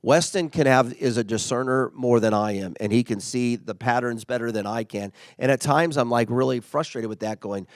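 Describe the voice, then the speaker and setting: Speaking at a medium pitch and moderate pace with few pauses, a middle-aged man leads a relaxed motivational talk for his workplace. He chats along and performs the quoted lines, and the recording is dry.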